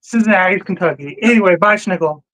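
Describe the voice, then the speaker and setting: A man's voice: sits high, fast, a bit bright, poor audio. A man in casual banter, joking and cursing, laughing often. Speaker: co-host.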